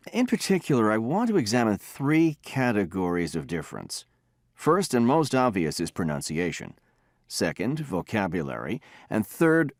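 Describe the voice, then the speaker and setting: A man's voice: on the low side, no echo, studio quality. A man giving a textbook listening lecture, explaining and demonstrating pronunciation by example.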